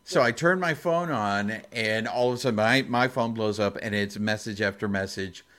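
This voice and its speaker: This man co-hosts a casual podcast and tells a story in a rambling, emotional way, restarting often. His voice sits fairly low, with a fairly bright tone and a moderate pace.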